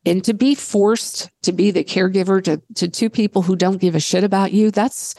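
A woman's voice: medium pitch, steady tone, moderate pace, creaky, mellow, dry recording. Blunt, swearing woman telling her story. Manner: blunt, swears freely, repeats phrases while thinking. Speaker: guest. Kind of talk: candid personal storytelling.

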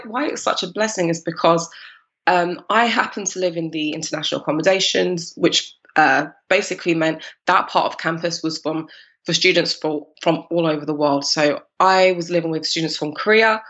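A woman from East London in her thirties with a London accent, telling her story as a podcast guest in an animated, laughing way. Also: fairly low pitch, moderate pace, lo-fi sound. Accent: London English. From East London, England. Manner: animated, laughing, acts out her past self in quotes. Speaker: guest, cupcake business founder.

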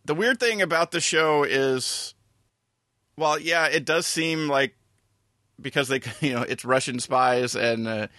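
A man with a bright, forceful tone and a middle pitch talks through his thoughts in casual chat, stumbling over restarts and fillers. The sound is dry and close. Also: no echo. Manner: halting, many fillers and restarts. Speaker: podcast co-host.

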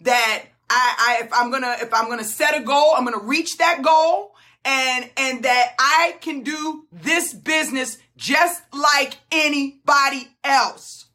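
A woman, a business coach giving a fired-up, tearful motivational talk on a group call, often shouting and repeating herself. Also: sits high, measured pace.

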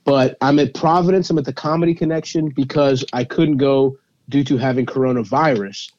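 Teasing comedian, dull lo-fi sound. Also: male voice, mid-range voice, brisk, a little mellow, dry recording. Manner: teasing, laughing often. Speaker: stand-up comedian and podcast host. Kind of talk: casual comedic banter.

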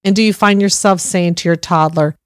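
A woman's voice: fairly low pitch, fairly even intonation, brisk, dry recording, studio quality. Earnest middle-aged woman giving parenting advice. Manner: earnest, reassuring, addresses listeners directly. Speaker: parenting speaker. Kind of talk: instructive parenting talk.

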